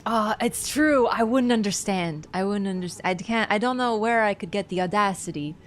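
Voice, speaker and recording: A woman's voice: medium pitch, normal speed. Woman streamer, casual chatter, laughs a lot, faint background hiss. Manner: chatty, laughs often, talks to chat. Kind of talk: casual live-stream chat.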